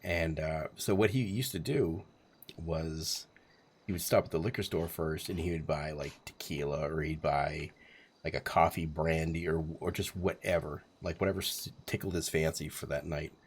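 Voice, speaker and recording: A man's voice: a bass voice, fairly even intonation, moderate pace, slight background noise. A man in his forties telling a rambling, profane story on a live stream, chuckling as he goes. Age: 40s.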